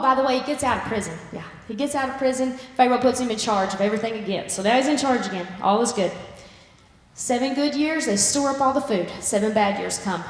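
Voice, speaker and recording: A woman preaching a sermon and retelling a story with lively acted-out voices. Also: a little high. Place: church sanctuary. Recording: echoey church hall.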